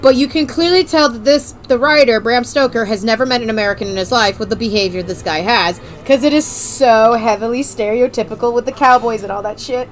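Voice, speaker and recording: A woman streaming a video game, chatting excitedly, joking and swearing as she plays. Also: fairly high pitch, a little fast, hardly any pauses, faint music behind. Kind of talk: casual let's-play commentary.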